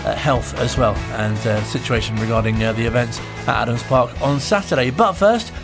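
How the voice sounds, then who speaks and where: Quick-talking local radio host. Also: male voice, mid-range voice, vocal fry, music in the background. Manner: hesitant, many uhs.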